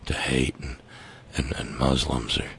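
Man doing a low, mumbling evasive politician. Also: steady tone, a bit bright, slight background noise. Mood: smug. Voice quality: low, mumbling, halting drawl. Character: smug, evasive male politician, low and droning.

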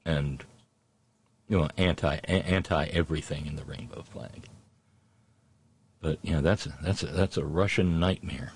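A man's voice: a bass voice, husky. A man telling a story in a rambling, sardonic monologue, full of restarts and fillers. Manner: halting, many restarts and fillers.

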